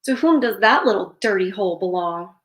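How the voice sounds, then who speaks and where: A woman's voice: mid-range voice, animated, fairly quick, reverberant, natural voice. Woman reading as a spiteful, haughty princess.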